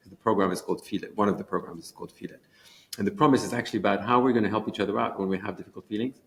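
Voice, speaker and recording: A fast, eager man talks about a program he built, often restarting his sentences. His voice sits a little low and carries a gravelly edge. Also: steady tone. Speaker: education program creator. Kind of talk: conference interview chat.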